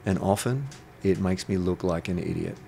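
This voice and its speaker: A man's voice sits low, gravelly and warm, at a normal speed, with a little hiss or hum. He's an intuitive coach guesting in an interview, telling stories bluntly and provocatively and swearing freely.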